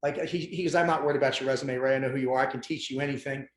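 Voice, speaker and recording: A man guest on a podcast, telling his story in casual conversation, intense and animated, swearing freely. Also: medium pitch, very fast, slight background noise. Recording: roomy echo.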